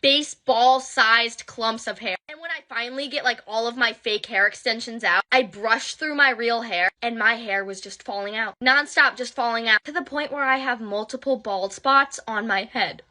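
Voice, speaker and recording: Slow, downcast young-sounding woman rambling. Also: fairly high pitch, pushed and bright. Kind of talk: casual vlog-style storytelling.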